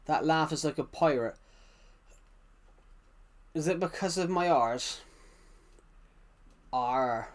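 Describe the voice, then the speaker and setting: His voice is fairly high and he talks slowly, pausing often. This British-accented man from the UK rambles through a casual live game stream, responding to chat and frequently starting his sentences over.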